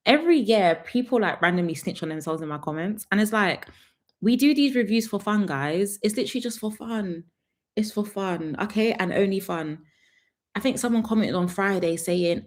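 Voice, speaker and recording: A woman's voice: medium pitch, normal speed. A young woman, chatting sassily through a live reality TV review and laughing often.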